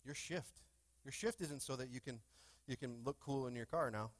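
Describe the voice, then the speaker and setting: A man's voice: mid-range voice, normal speed, dry recording. A male pastor preaching a sermon in a church, with call-and-response questions to the congregation and fervent bursts. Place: church sanctuary.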